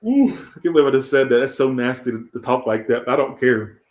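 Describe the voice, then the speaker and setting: A man's voice: medium pitch, brisk, darkish tone, roomy sound. A man doing a casual tarot reading in a crude, profane, rambling way. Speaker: tarot reader.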